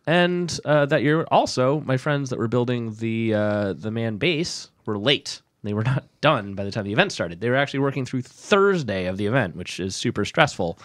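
A man's voice: mid-range voice, animated, moderate pace, few pauses, fairly bright tone, no echo, studio quality. A man telling a rambling story on a podcast, laughing often and swearing as he talks. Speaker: guest storyteller.

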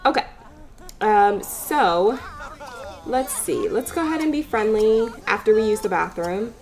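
Speaking at a medium pitch with an unhurried pace and a darkish tone, a woman plays a life-sim game for a let's-play video. Her commentary is casual, chatty, and playful, and she gives voice to the characters' chatter.

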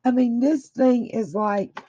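A woman's voice: on the high side, slow pace, dark tone, a little hiss or hum. A woman crafter in a casual unboxing chat, gushing with effusive praise while her throat is a little dry. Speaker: craft vlogger opening happy mail. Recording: dull lo-fi audio.

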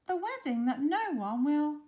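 A woman voicing a sweet young female scarecrow bride, high and earnest, in a storybook reading. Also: big pitch swings, normal speed, warm tone, dull audio.

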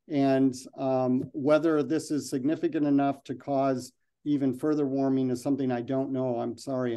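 Mellow-voiced man giving a talk. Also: mid-range voice. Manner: loose, restarting, with many ums. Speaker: presenter. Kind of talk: presentation and Q&A.

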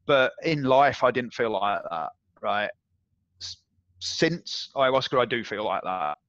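A man being interviewed, telling a personal story in a casual, animated way and acting out the voices of others. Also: medium pitch, unhurried, dry recording. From England. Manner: animated, acts out quoted voices, swears and laughs. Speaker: interview guest. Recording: dull, dry audio.

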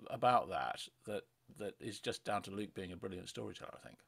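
A man with a fairly low voice reflects on a Bible story in casual conversation. He often hesitates with "um" and "I think" and agrees readily with his co-host. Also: a little fast, creaky, fairly bright tone, breathy edge. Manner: reflective, with fillers and agreeing interjections. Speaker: podcast co-host. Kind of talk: casual discussion of a Bible passage.

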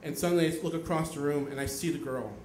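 A young man telling a personal story on stage, animated, swearing and acting out his own outbursts. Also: a little high, fast talker, a little hiss or hum. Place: theater stage. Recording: echoey stage with faint audience ambience.

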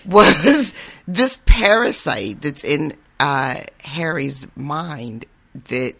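A man's voice: a little high, animated, drawn-out words, bright, forceful tone, husky. A man co-hosting a podcast in casual chat, feeling unwell and laughing often. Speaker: podcast co-host.

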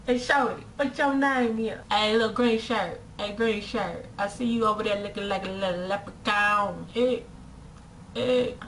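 A woman mimicking a brash young man catcalling from across the street, with loud and repetitive calls for attention. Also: medium pitch, unhurried, far from the mic, slight background noise. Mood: pushy.

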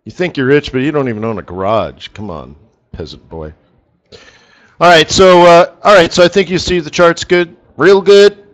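Talking a little fast with hardly any pauses, a man with a slightly high, fairly bright voice hosts a live currency trading stream. The forex strategist keeps things casual, rambling through anecdotes and laughing at his own jokes.

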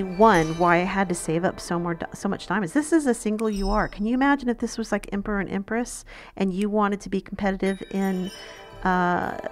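Brief: female gaming host, slightly gravelly voice, chatty, talks straight to her audience. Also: mid-range voice. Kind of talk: casual game commentary.

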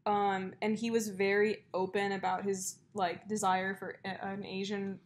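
A woman's voice: medium pitch, level tone, a little slow. A young woman co-hosting a podcast, telling long stories in a casual chat, with plenty of fillers. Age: young adult. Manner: chatty storyteller, many fillers and likes. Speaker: podcast co-host.

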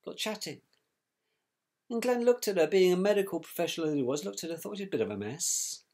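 A man's voice: high-pitched, lively intonation, a little fast, darkish tone. A man recounting events about his brother, in a scornful, colloquial storytelling manner. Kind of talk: personal storytelling.

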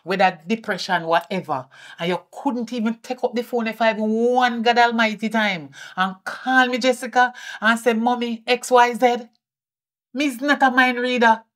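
A woman's voice: on the high side, fairly even intonation, moderate pace, lightly acted. A woman playing a scolding Jamaican mother. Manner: scolding, swings between shouting and muttering. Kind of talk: indie film acting.

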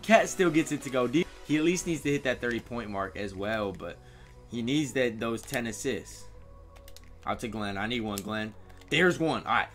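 A man's voice: mid-range voice, normal speed, faint music behind. A man giving live commentary over his own video game, cheering and talking to the players on screen. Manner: excitable, talks to players on screen. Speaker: gaming YouTuber.

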